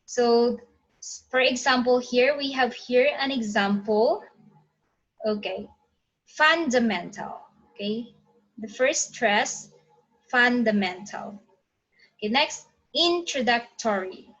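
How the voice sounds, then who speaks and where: A woman's voice: on the high side, steady tone, muffled recording. Woman lecturing, many "okay"s. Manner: frequent "okay" fillers, pauses to check slides. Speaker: teacher. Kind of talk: online phonetics lecture.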